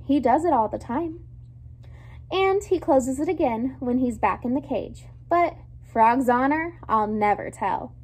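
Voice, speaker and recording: A woman reading a children's chapter book aloud with expressive, lively storytelling. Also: sits high, breathy edge. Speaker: storybook reader.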